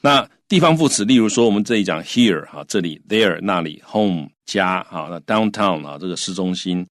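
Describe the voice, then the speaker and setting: A man's voice: sits low, animated, moderate pace, fairly bright tone, no echo, studio quality. A man co-hosting a bilingual English lesson, explaining grammar patiently with frequent fillers.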